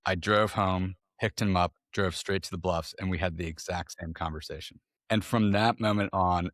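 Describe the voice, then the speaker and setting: Middle-aged male guest, low register, dry close mic; loose, candid, casual. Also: a bit bright, no echo. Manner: candid, loose, lots of fillers and slang. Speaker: podcast guest, entrepreneur. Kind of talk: casual conversation.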